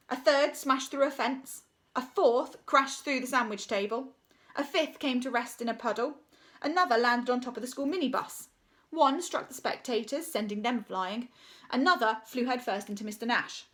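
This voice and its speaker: A woman's voice: a little high, fairly bright tone. Woman, storybook reader, playful, sound effects and asides. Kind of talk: children's story reading.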